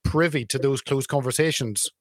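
Dry brisk male stream host. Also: medium pitch, dry recording. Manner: brisk, reads out viewer comments. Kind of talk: casual stream chat, reading comments.

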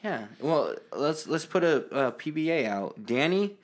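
A man's voice: a little high, very animated, a little slow. A man hosting a podcast, laid-back and chuckling, stumbling over his words in casual chat. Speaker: podcast host.

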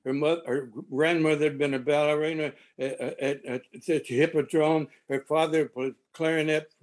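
Older man telling a halting anecdote. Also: fairly high pitch, steady tone. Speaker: panel guest reminiscing. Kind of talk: casual storytelling.

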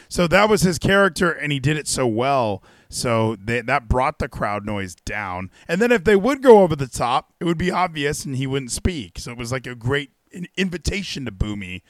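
A young man chatting casually on a podcast, excitable and rambling, with frequent swearing. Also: mid-range voice, moderate pace, hardly any pauses, no echo, studio quality. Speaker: podcast host.

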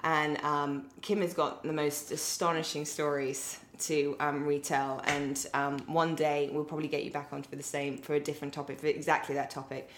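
A middle-aged woman with an English accent hosts a relaxed podcast chat, her voice sitting low. She talks in a playful, rambling way with frequent laughter. The room around her has a noticeable echo. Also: moderate pace, few pauses, slight background noise. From England. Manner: chatty and playful, laughs often, rambling asides. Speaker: podcast host. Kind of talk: casual chat. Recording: echoey room.

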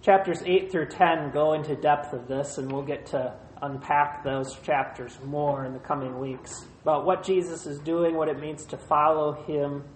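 Pastor giving a sermon, slow careful phrases, mid pitch, echoey room. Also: fairly even intonation, a little hiss or hum. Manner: measured preaching in short phrases, retelling scripture. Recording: roomy echo.

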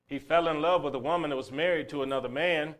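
A man preaching a sermon who swings between loud, emphatic bursts and low, quiet passages, and tells stories along the way. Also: fast. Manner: storytelling, acting out a crying child's shouts.

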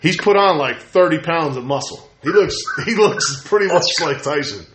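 A man chatting casually as a podcast host, telling stories with lively acted-out quotes. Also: a little high, moderate pace, background noise. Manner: animated storyteller, acts out quotes. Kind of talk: casual chat. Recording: roomy echo.

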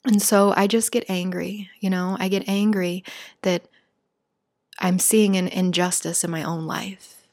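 A woman giving a heartfelt spiritual talk, earnest and emphatic, shaken but steady. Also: mid-range voice. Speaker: spiritual speaker.

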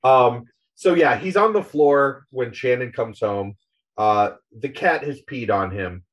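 A man's voice: medium pitch, expressive, takes it slowly, low-quality recording. A man co-hosting a podcast, casually retelling a comic story in an amused, chatty way. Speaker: podcast co-host.

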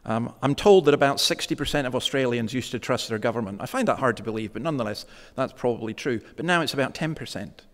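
A man's voice: medium pitch, a bit bright. Conversational male preacher in a reverberant hall. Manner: conversational preaching, slows for emphasis. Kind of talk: sermon.

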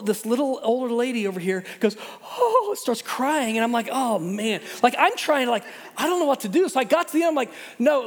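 A middle-aged male pastor giving a sermon and prayer in a church, speaking earnestly and conversationally with self-deprecating humor. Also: very high-pitched. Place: church sanctuary. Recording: long church hall reverb.

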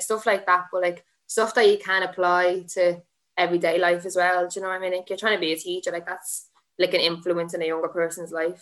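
This casual podcast chat features a guest from Ireland, a woman in her twenties who fights MMA and is a student teacher. Chatty and rambling, she uses "like" constantly and laughs a lot, in a fairly low-pitched voice with a fairly bright tone.

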